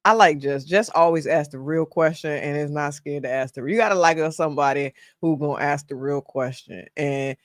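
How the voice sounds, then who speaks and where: A woman's voice: deep voice, moderate pace, hardly any pauses, no echo. Lady reacting to a clip, jokes and laughs, dead dry room. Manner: laughing, teasing, talks back to the clip. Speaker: reaction video host. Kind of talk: casual commentary on a clip.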